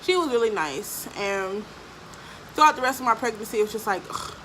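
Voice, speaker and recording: A woman's voice: on the high side, expressive, brisk, fairly bright tone, a little hiss or hum, poor audio. A young adult woman telling a personal story for her vlog, blunt and profane, with lots of fillers. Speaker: vlogger.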